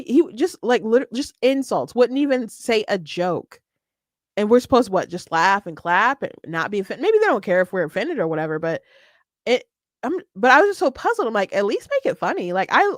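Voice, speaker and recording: A woman hosting her own show, giving casual political commentary in a chatty, animated way with frequent restarts. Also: fairly high pitch, moderate pace, no echo, studio quality.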